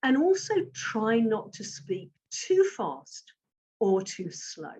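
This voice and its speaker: A middle-aged woman giving a communication coaching talk to camera, with an emphatic, measured delivery. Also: mid-range voice, sing-song, darkish tone, a little hiss or hum.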